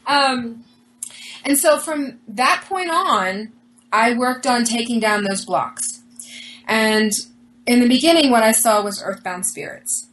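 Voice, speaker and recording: A woman's voice: on the high side, a little hiss or hum, low-quality recording. A woman being interviewed, earnestly telling a personal story and acting out the dialogue as she goes. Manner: earnest, animated retelling with quoted dialogue. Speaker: interview guest.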